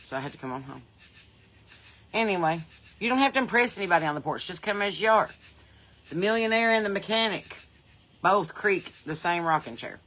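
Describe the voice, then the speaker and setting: A woman with a Southern American accent hosting a podcast, chatting folksy and loose from her porch into a phone, laughing often and swinging between loud and soft. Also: lowish voice, expressive, a little fast, long pauses. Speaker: podcast host. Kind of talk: casual livestream chat. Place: outdoors on a porch. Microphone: phone on a holder.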